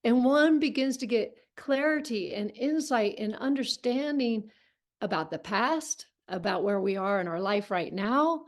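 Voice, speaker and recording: A woman with a fairly high voice guides a writing workshop over a video call. She speaks gently and reflectively and keeps encouraging the group. Her tone is warm and reassuring as she invites everyone to write. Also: animated, measured pace.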